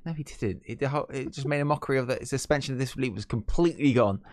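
A man's voice: medium pitch, racing, darkish tone, no echo, studio quality. A British man co-hosting a casual wrestling podcast, opinionated, ranting and repeating himself. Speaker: podcast co-host.

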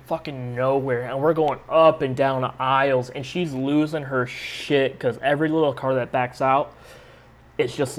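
A young adult man hosting a podcast, telling a rambling, profane story in a casual, laid-back way. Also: medium pitch. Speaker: podcast host.

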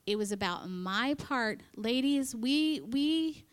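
Before a live audience at a women's church gathering, a woman preaches slowly in a slightly high voice with lively intonation. She keeps the sermon chatty, acting out quoted voices and dropping into whispers now and then.

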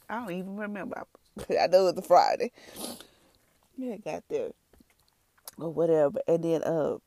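A warm mother of three, tearful now and then, gives an emotional personal testimony in a voice on the low side, recorded with no echo. She rambles, repeats herself, and speaks to listeners as "y'all."

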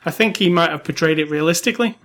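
A man's voice: on the high side, fast talker, fairly bright tone. A man co-hosting a weekly movie podcast, chatting casually with many fillers and restarts. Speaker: podcast co-host. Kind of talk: casual movie review chat.

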